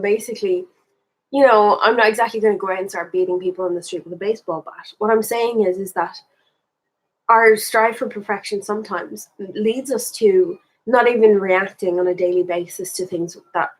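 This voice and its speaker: Breathy Irish woman musing aloud. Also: mid-range voice, moderate pace, low-quality recording. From Ireland. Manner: candid, rambling, thinks aloud with restarts. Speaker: spiritual vlogger. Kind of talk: casual reflective monologue.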